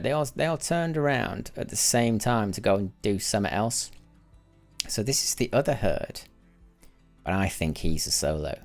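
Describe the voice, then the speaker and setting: A man with a gravelly, lively voice talks through a live game stream in a loose, rambling way. He restarts his sentences often and drops into quiet muttering, with faint music behind him. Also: on the low side. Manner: rambling, self-correcting, mutters while counting. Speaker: gaming livestreamer. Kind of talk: casual live gameplay commentary.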